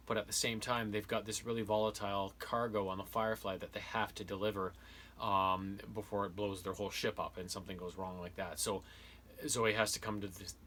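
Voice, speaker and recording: A man's voice: fairly low pitch, sharp tone, slight background noise. A man giving a casual spoken book review, rambling with many fillers and restarts. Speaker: video host reviewing books and games.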